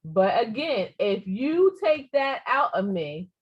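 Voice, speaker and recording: A middle-aged woman co-hosting a casual podcast chat, animated and quick to laugh, making playful mock threats as a mother. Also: on the high side, husky. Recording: slightly dull lo-fi audio.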